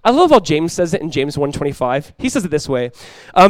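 A young adult man preaching a sermon as pastor, energetic and conversational, often restarting his phrases. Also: fairly high pitch, a little fast, no echo.

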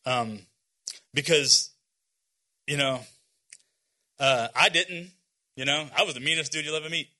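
A man in his forties gives an informal, earnest sermon to young people as a youth speaker, full of fillers, restarts, and some self-deprecating humor. His voice is a little high and sharp in tone, and he speaks unhurriedly with frequent pauses.

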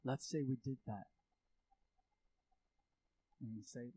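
A male pastor delivers a sermon in a warm, mellow voice with a slightly husky edge. He speaks earnestly and slips into voicing prayers and outbursts to drive his points home. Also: medium pitch, steady tone, slow pace, no echo, poor audio. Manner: earnest, acts out prayers and reactions with rising intensity.

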